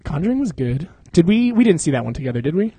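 A man's voice: fairly high pitch, very animated, fast talker, dark tone, husky. A young man co-hosting a podcast in casual chat, rambling, slangy and laughing often. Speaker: podcast co-host.

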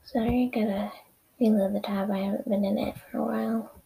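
A woman's voice: medium pitch, steady tone, brisk, gravelly, dark tone, a little hiss or hum, rough recording. A young woman casually reading her own story aloud, often correcting herself and dropping into whispered asides. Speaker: reader of her own fan fiction.

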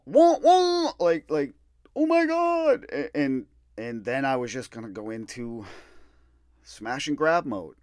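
Male podcast host, deep voice, candid storyteller, dry close sound. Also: no echo. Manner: candid, animated storytelling with acted-out quotes. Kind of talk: storytelling monologue.

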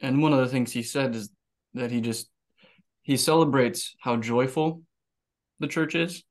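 A man's voice: mid-range voice, fairly even intonation, measured pace. Man, pastor, conversational, anecdotal, chimes in briefly. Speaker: pastor and podcast co-host. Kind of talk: casual discussion.

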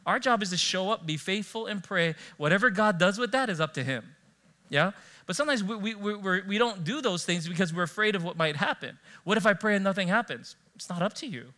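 A man preaching a sermon as pastor, telling personal stories in an animated way and acting out the dialogue. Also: sits high, fairly quick. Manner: animated storytelling, acting out dialogue, frequent laughs.

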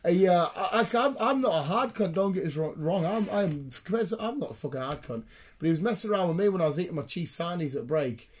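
A man's voice: high-pitched, expressive, fast, a little hiss or hum. A young man in casual chat, telling blunt, sweary stories about his workmates.

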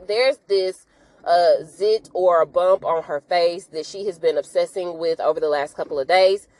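A woman hosting a podcast, retelling a TV episode in a chatty, animated way full of slang and asides. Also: lowish voice. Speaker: podcast host. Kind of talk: casual episode recap.

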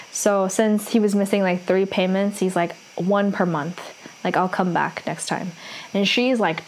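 A young woman recaps a plot in a relaxed, rambling way. Her speech is full of "like" and "um" as she hops from one event to the next. The tone stays easygoing and conversational. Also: medium pitch, poor audio. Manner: chatty, fills every pause with "like" and "um". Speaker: drama recapper. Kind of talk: casual story recap.

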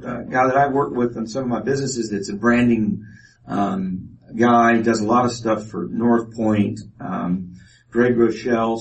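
A man giving an informal testimony talk to an audience, with many fillers and restarts. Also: medium pitch. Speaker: speaker presenting a ministry project. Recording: voice from a distance off mic.

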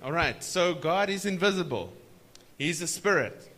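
A man preaching a sermon at a church conference, stretching key words slowly for emphasis and prompting the audience to answer back. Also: a little high, animated, a bit bright.

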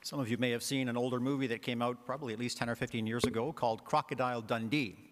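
A man's voice: medium pitch, steady tone, quick pace. A man, a parish priest, giving a conversational homily with frequent filler words. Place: church. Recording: long church reverb.

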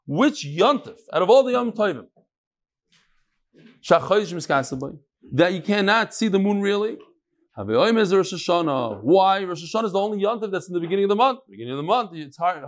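Man, Talmud teacher, fairly high voice, chants the text then chats, jokes with students, casual class. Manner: chants Aramaic text, then explains in chatty English. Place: room with a live study group.

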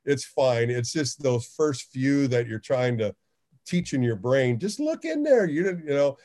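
A middle-aged man, a baseball radio host, telling stories in a casual interview and acting out quotes in a higher voice. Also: measured pace. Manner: animated, acts out quotes in a higher voice.

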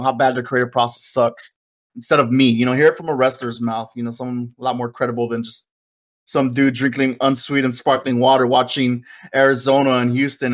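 A man co-hosting a podcast, chatting casually and rambling excitedly, with the odd curse. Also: mid-range voice. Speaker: podcast co-host. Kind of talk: casual wrestling podcast chat.

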